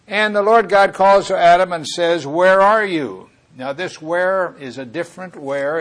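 A man preaching a Bible teaching sermon, earnest and rambling, often correcting himself mid-thought. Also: fairly high pitch.

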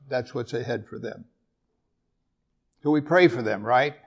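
Guy preaching a sermon, gravelly voice, asks "right?" a lot, talks casual about scripture. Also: mid-range voice. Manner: conversational Bible teaching with frequent rhetorical tag questions.

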